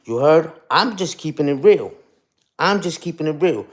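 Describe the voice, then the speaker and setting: Animated man ranting to a live chat. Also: fairly high pitch, moderate pace. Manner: animated, repetitive, streetwise slang with "you heard?" tags. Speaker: livestream host. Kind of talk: casual rant to a live chat.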